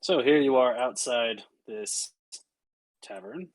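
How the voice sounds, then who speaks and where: A man narrating as game master, casual and halting with many fillers. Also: mid-range voice, dry recording, low-quality recording.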